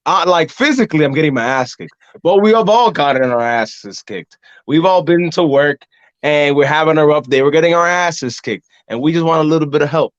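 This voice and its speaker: A man talks through wrestling stories in a casual podcast chat, fairly high in pitch and animated, often slipping into the voices of fans and rivals. The sound is dry and a little dull, as if from a modest lo-fi mic. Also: brisk, dry recording. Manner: animated storytelling, acts out crowd and ring voices. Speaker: podcast host and pro wrestler. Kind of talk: casual conversation.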